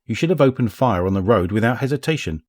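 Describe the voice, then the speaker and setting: A man's voice: medium pitch, animated, quick pace, a little mellow, close to an everyday voice. A man voicing a small female ghost companion who talks in a clipped, scolding, impatient way. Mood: curt.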